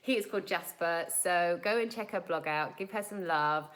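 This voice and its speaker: A woman in her thirties from South Africa, chatting casually as she answers viewers' questions live, with lots of fillers and quick laughs. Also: on the low side, fairly bright tone, low-quality recording.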